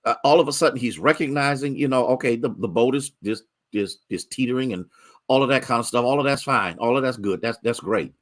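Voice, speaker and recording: A man preaching a sermon as pastor, moving from rising, drawn-out exhortations to low, quick storytelling and greeting members of the congregation by name. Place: church sanctuary.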